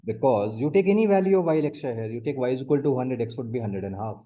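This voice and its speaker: Man, rapid speech, very dark tone, patient step-by-step tutoring. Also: mid-range voice, animated, muffled recording. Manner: explains step by step, repeats points, often says the student's name. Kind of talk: one-on-one math tutoring.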